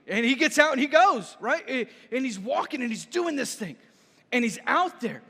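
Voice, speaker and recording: A man preaching a sermon as a pastor, telling his story with lively repeats and a habit of asking "right?". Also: extremely high pitch, normal speed, gravelly, slightly rough. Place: church sanctuary. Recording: reverberant church hall.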